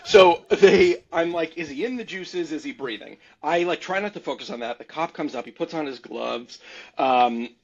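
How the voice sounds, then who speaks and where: A man's voice: on the high side, moderate pace. A man on a podcast telling a story casually and animatedly, rambling and laughing between lines. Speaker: podcast guest. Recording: dull lo-fi sound.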